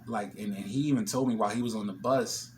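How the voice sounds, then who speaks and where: In a vlog, a man with a fairly low voice speaks quickly and casually about an emotional story, recounting a conversation line by line with quoted back-and-forth. A little hiss or hum sits under the recording.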